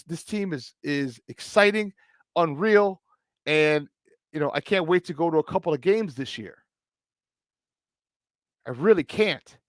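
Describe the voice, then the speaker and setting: Emphatic Chicago-accented sports host. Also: male voice, on the high side, no room sound, clean studio sound. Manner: emphatic, repeats points for stress. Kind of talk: sports talk radio banter.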